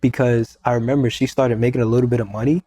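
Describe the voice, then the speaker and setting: A young man talks fast at a medium pitch while recounting a personal experience as a podcast guest. The telling is casual and animated, with frequent quotes of what was said and plenty of repetition.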